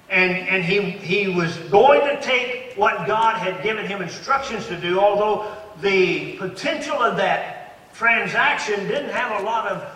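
A man's voice: high voice, sharp tone. A man in his eighties preaching a sermon as a pastor, stressing points with rising emphasis and frequent restarts. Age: 80s. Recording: echoey hall, voice from far off.

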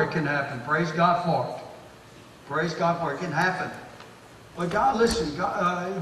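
A man's voice: sits high, fairly bright tone, slight background noise. A man preaching a sermon in an emphatic, folksy way with homespun humor. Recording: echoey room from far off.

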